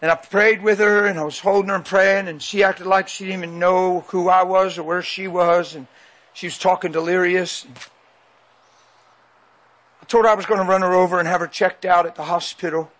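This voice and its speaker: A man's voice: high voice, steady tone, normal speed, a bit bright. A man preaching a sermon into a handheld mic, emphatic and repeating phrases for weight.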